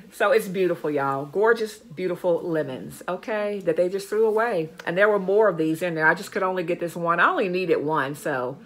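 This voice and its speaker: A woman chatting casually to camera at home, gushing over a haul and repeating words for emphasis. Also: fairly low pitch. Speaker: vlogger showing a dumpster-diving haul. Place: home, indoors.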